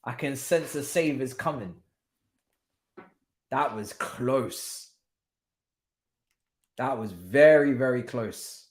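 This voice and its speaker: A man hosting a live football watchalong, swinging between low muttering and excited shouting and repeating his phrases in street slang. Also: takes it slowly, pauses often. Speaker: watchalong host.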